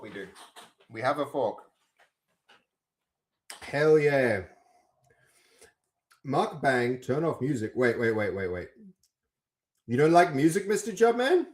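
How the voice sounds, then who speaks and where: A young man live-streaming, chatting casually to his viewers while working on code, rambling with many restarts. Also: mid-range voice. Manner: rambling, talks to chat, lots of restarts.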